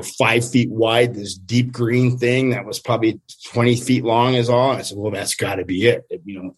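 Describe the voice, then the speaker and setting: An older man, a fishing guide, telling a story with lively energy and acting out what people said. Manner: lively, acts out quotes with big pitch jumps, laughs often. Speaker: steelhead fishing guide, guest. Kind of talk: animated storytelling.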